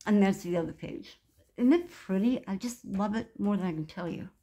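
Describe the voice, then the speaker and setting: A woman's voice: mid-range voice, normal speed, warm tone. Lady in her 60s showing off her craft journal, gushy and rambly, just chatting along. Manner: gushing, chatty, meandering. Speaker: craft vlogger. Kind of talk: casual craft show-and-tell.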